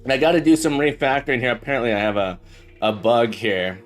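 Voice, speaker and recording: A man's voice: medium pitch, fairly even intonation, quick pace. A man teaching programming on a live stream, chatting casually and joking as he greets viewers by name. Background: faint background music.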